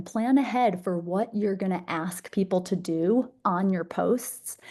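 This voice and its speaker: A woman's voice: medium pitch, a little mellow. A young woman presenting a masterclass, bubbly, enthusiastic and conversational. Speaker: social media speaker.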